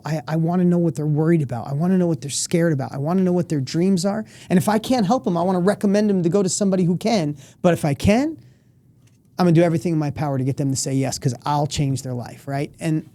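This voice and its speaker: Emphatic motivational man, mellow tone. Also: on the high side, no echo. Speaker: guest. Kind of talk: podcast conversation.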